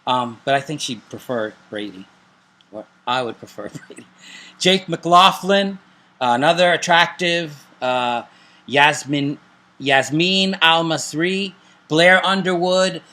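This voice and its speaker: A man's voice: fairly high pitch, expressive, a little slow, pushed and bright. A middle-aged man co-hosting a casual chat and recommending TV shows, joking and making self-deprecating asides. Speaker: show co-host.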